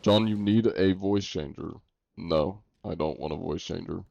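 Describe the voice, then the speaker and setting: A male game streamer with a very low, gravelly voice, chatting in a relaxed, joking way. His tone is mellow and dark. The sound is close and dry but dull, like lo-fi stream audio. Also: moderate pace, dry recording. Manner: laid-back, joking, reacts to chat. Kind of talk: casual live stream chat.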